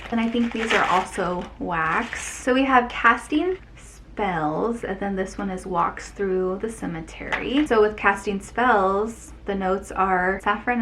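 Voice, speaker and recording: An excitable woman chats casually while opening packages at home, reading cards aloud between bursts of delight. She gushes and exclaims often, in a middle-pitched voice. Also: slight background noise. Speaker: vlogger opening fan mail.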